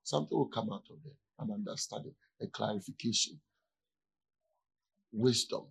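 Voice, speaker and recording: A man's voice: lowish voice, moderate pace, gravelly, slightly rough, poor audio. A man preaching as a pastor in a conversational sermon, often checking in with his listeners to see if they follow.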